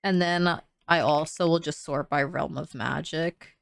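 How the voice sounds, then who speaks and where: Woman, young adult, low voice, gravelly fry, dry close sound, chatty, sleepy. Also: steady tone, unhurried, no room sound. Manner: chatty, thinks aloud with many "like"s. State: sleepy, yawning. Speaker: gaming creator building in a life sim. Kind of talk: casual build commentary.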